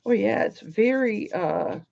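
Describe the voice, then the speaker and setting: Woman running a jewelry sale stream, gravelly voice, cheeky jokes, dull muffled audio. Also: medium pitch, animated, slow. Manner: chatty, bawdy joking while working. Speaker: online jewelry auction host. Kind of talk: casual livestream selling chat.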